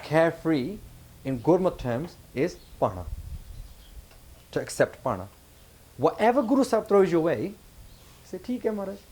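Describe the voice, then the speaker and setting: A man's voice: fairly high pitch, sing-song, unhurried, pauses often, a little mellow, husky. A man giving a conversational religious talk to a camp audience, often asking them questions. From United Kingdom. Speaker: visiting religious speaker. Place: camp hall with a live audience.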